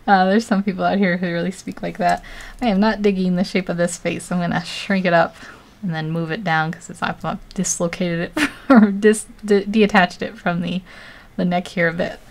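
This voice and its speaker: A woman's voice: lowish voice, steady tone, moderate pace, gravelly. An American woman streaming live as she draws, chatting casually, laughing often and poking fun at herself. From United States. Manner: giggly, laughs often, self-deprecating. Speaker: artist livestreaming. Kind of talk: casual chat while drawing.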